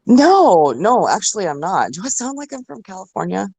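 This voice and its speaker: Woman, from Germany, German native, lively swinging pitch, rambling casual chat, dry close sound. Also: normal speed, vocal fry, no echo. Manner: chatty, rambling, full of likes and you knows. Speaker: voice chat participant. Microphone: online voice chat mic.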